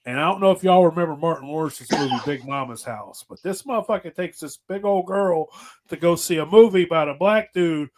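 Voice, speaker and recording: A man's voice: on the high side, brisk, slight background noise. A man, hosting a podcast and telling rambling, profane stories in casual chat. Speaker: podcast host.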